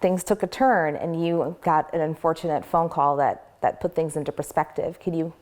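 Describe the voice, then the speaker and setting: Low-voiced woman interviewer, gently prompting. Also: moderate pace. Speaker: interviewer and host. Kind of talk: interview questions.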